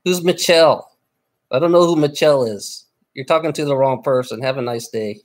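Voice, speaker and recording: Talking fairly quickly in a mid-range voice, a livestreamer rants angrily at his chat in a casual stream. He swears a lot, repeats himself, and keeps stammering and restarting his sentences.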